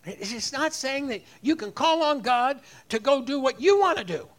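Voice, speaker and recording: A man's voice: very high voice, expressive, normal speed. A man preaching a sermon, rising on key phrases and leading the congregation in repeating lines. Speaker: pastor.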